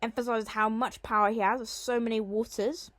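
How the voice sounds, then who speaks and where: A woman with a slightly high voice gives a line-by-line lesson on a Latin poem. She explains each device patiently and leans hard on the key words, reading out lines slowly. The sound is dry and close, with no room behind her. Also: flat delivery, a bit bright, dry recording. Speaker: teacher.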